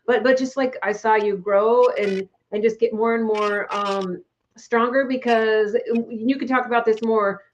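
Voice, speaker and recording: Animated woman host, slightly dull recording. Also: on the high side, a little hiss or hum. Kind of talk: conversational interview.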